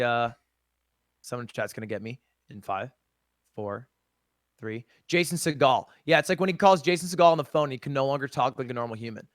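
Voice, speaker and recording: A man's voice: medium pitch, dry recording, clean studio sound. A young man chatting casually as a streamer guest in an interview, rambling and swearing with self-mocking asides.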